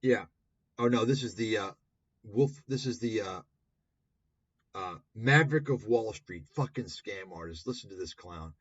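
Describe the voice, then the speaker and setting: A man's voice: lowish voice, expressive, measured pace, husky, no room sound, highs cut off. A man hosting a livestream, talking in a sarcastic, profane, rambling way. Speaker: livestream host. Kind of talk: livestream commentary.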